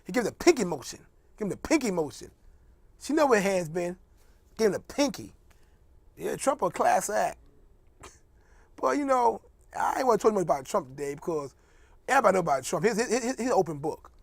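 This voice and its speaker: A man talking in a loose, rambling comic monologue, his pitch swooping up and down as he jokes and mocks. He laughs often, and his voice sounds close and dry with no room echo. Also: sing-song, brisk, gravelly, long pauses. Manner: joking, mocking, laughs often. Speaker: host. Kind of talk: casual comedic monologue.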